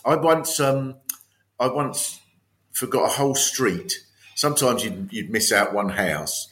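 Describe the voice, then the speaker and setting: A middle-aged comedian guest in improvised comedy chat, sardonic and slipping into mocking put-on voices. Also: male voice, mid-range voice, animated, measured pace, fairly bright tone.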